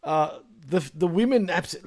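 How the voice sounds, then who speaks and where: A man's voice: sits high, lively intonation, measured pace, a little mellow. A man hosting a casual wrestling podcast, laughing often, swearing and enthusiastic. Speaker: podcast host.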